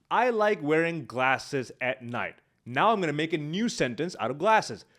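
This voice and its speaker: A man coaching viewers on how to speak, his voice a touch high and swinging widely in pitch. He teaches through live examples into a large studio microphone at a home video setup. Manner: animated, walks through examples on the spot. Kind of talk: instructional YouTube talk.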